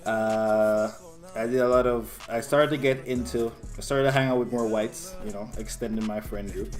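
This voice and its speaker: A man's voice: mid-range voice, steady tone, moderate pace, soft background music. A young man co-hosting a podcast in loose casual chat, swearing freely and laughing often. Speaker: podcast co-host.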